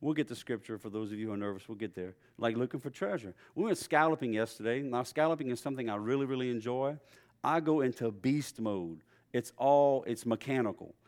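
This middle-aged pastor preaches in a chatty, storytelling manner with animated shifts in his voice. He has a mid-range voice and speaks fairly quickly.

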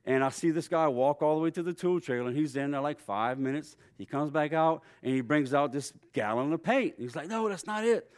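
A middle-aged man preaching in a relaxed, conversational way. His slightly raised voice swings between loud and quiet as he tells stories. It sounds like a casual sermon. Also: a little high, a little fast, hardly any pauses. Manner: storytelling, conversational, lively voice swings. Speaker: pastor.

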